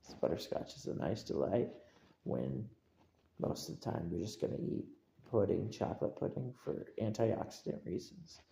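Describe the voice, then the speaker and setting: A man with a gravelly, mellow voice rambling on a casual stream. He repeats himself and keeps checking that listeners follow him. The voice sits in a roomy, echoey space. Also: lowish voice, lively intonation, normal speed, slight background noise. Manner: rambling, repetitive, asks for agreement.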